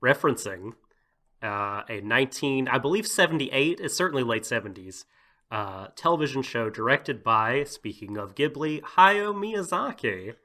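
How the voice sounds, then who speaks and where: A man's voice: medium pitch, animated, moderate pace, sharp tone. A man co-hosting a casual anime podcast, talking in a thoughtful, hedging way and laughing easily. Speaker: podcast co-host.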